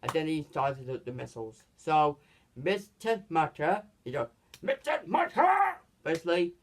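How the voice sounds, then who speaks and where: Male reviewer, casual and rambling, talks in fits and starts, voice a touch high. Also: expressive, moderate pace, slight background noise. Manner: rambling, lots of restarts and "basically". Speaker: movie reviewer. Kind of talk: casual movie recap.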